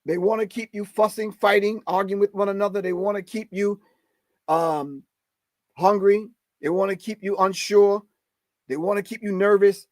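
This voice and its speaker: A man's voice: high-pitched, steady tone, normal speed, no room sound. A middle-aged man hosting a live stream, giving emphatic, preachy commentary and calling his audience family. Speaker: host.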